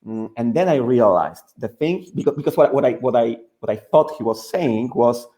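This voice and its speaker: A man whose first language is Polish hosts an online webinar in English. He tells stories in a loose, chatty way, peppered with "like". His voice is warm and mellow, at a middling pitch. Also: lively intonation, moderate pace, hardly any pauses, lo-fi sound. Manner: chatty, leans on "like". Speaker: host, school founder. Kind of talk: casual webinar storytelling. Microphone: video call.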